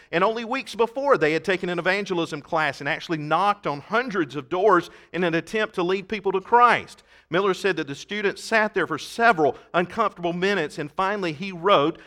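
Bright-voiced preaching man. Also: fairly high pitch. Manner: storytelling preacher, rising to emphatic declarations. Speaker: pastor. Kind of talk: sermon.

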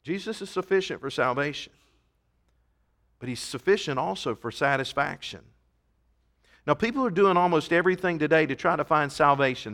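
Earnest, emphatic male preacher. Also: on the high side. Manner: earnest, emphatic, swings from soft to loud; reads scripture in King James wording. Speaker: pastor. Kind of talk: sermon. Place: church service.

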